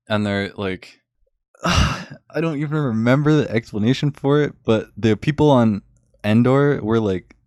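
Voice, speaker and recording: A man's voice: medium pitch, a little slow, a little mellow, dry recording, studio quality. A young man recapping a film in a casual, rambling, sarcastic rant full of fillers. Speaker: vlogger.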